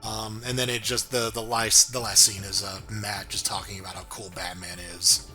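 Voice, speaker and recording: Easygoing male co-host, crisp bright tone, quick to laugh, faint music behind. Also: on the low side, flat delivery. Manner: laid-back, laughs often, swears casually. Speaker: podcast co-host reviewing a cartoon. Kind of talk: casual chat.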